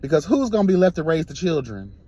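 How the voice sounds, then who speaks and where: A man's voice: fairly high pitch, big pitch swings, quick pace, dark tone. A man giving an impassioned, sassy straight-talk monologue as a vlogger while driving, recorded on a phone. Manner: sassy, emphatic, keeps calling listeners girl.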